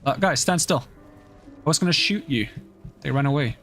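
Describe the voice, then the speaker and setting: A male streamer chats his way through a game, thinking out loud as he works out the rules. His pitch swings a lot from line to line. A soft music bed runs faintly underneath. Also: lively intonation, moderate pace. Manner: thinks aloud, puzzling over game rules. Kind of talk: casual gameplay commentary.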